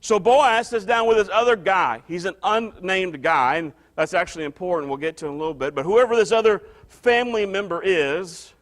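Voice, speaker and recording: High-voiced man preaching a conversational sermon. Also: fairly quick, hardly any pauses, fairly bright tone. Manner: conversational, restarts and repeats phrases for emphasis. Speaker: pastor.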